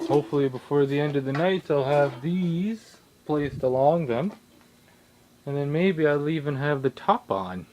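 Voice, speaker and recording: A young man rambling casually in his home workshop, swearing a lot and breaking into sudden loud outbursts. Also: a little high, animated, a little slow, slight background noise, poor audio. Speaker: vlogger.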